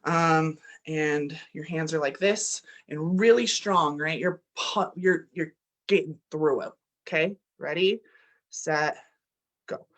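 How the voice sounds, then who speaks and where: A woman leading a guided breathwork class, coaching in an energetic, blunt manner with the odd swear word and chanting affirmations that build in force. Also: low-pitched, slow. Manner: chants affirmations, pushes louder toward the end. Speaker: breathwork and meditation leader.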